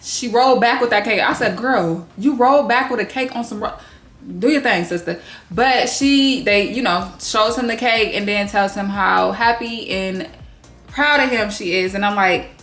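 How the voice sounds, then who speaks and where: A woman's voice: mid-range voice, normal speed. Blunt, cussing woman recapping reality TV. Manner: blunt, swears freely, animated asides. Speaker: recap vlogger. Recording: echoey room with faint music.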